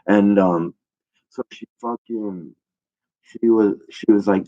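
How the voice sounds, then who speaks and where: A man's voice: low voice, fairly even intonation, normal speed, a little mellow. A young adult male comedian telling a rambling, profane stand-up story, full of fillers. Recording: dull lo-fi recording.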